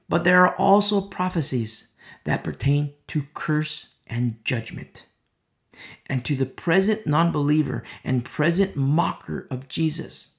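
A man preaching a verse-by-verse sermon, repeating phrases with urgent appeals and dropping to soft whispers at times. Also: sits high, vocal fry. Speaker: preacher teaching a Bible study.

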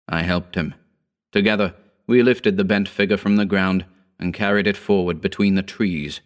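A man narrating a horror story in a slow, grave, deliberate reading. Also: low-pitched, steady tone.

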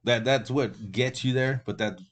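A man's voice: mid-range voice, a little slow. A man cohosting a casual chat, teasing his partner with crude, profane jokes. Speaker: podcast co-host.

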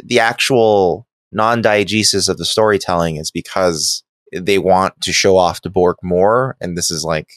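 A man in casual chat, animated, laughing often and swearing freely while talking through ideas. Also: low voice, unhurried, hardly any pauses, no echo.

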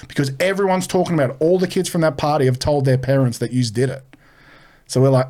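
A man's voice: medium pitch, fast talker, a little mellow. A man telling a rowdy story on a comedy podcast, swearing freely and dropping his voice to quote people. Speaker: comedian guest. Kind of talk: casual storytelling.

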